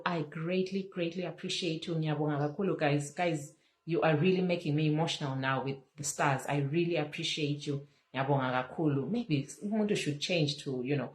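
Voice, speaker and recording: A woman's voice: low voice, rough recording. A woman hosting a casual Facebook live chat on her phone, earnest and repeating her phrases, slipping in Zulu words. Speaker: livestream host.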